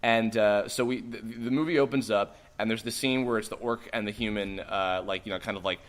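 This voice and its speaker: A man's voice: fairly low pitch, fairly quick. A man hosting a podcast, telling a story casually with lots of swearing and acted-out quotes. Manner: animated, swearing, acts out quoted voices. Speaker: podcast host.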